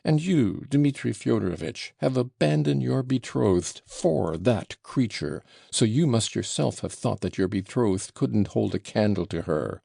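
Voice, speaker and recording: A man voicing a shrill, blustering old male buffoon who yells and splutters breathlessly. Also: lively intonation, unhurried, gravelly, few pauses, slightly rough, no room sound, clean studio sound, full character voice. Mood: ranting.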